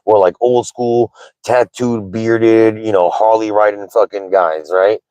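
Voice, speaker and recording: Candid low-voiced man rambling casually. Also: steady tone, unhurried, warm tone, smooth, dry recording, rough recording. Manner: candid, rambling, says "like" and "right?" a lot. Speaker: livestream host. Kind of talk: casual livestream chat.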